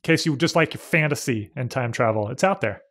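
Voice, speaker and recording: A man's voice: medium pitch, expressive, fast talker, fairly bright tone. A middle-aged man co-hosting a casual podcast, joking and teasing himself with frequent laughs. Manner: joking, self-mocking, laughs often. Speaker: podcast co-host. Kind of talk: casual chat.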